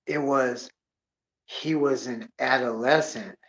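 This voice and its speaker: A man telling rambling stories in a casual rant, swearing constantly and sliding between mutters and loud bursts. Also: medium pitch, steady tone, slow. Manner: drops to a mutter, then rises in bursts. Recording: dull lo-fi recording.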